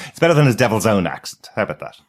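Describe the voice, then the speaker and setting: Man, very low voice, enthusiastic podcast co-host, chatty and quick to laugh. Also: sing-song, husky. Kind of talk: casual review chat.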